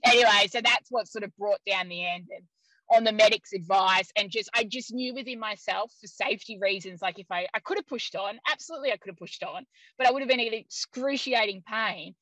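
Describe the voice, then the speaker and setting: Bright-voiced woman telling a story. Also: medium pitch, a little fast, no room sound, poor audio. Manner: lively, laughs often, many "like" fillers. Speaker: interview guest. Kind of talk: conversational storytelling.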